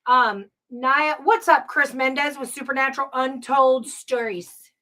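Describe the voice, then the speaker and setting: A woman with a somewhat high voice hosts a live paranormal podcast. She tells ghost stories in a loose, rambling way, full of ums and uhs, and stops now and then to read viewer comments aloud. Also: fairly even intonation, a little slow, bright, forceful tone. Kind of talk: casual live-show storytelling.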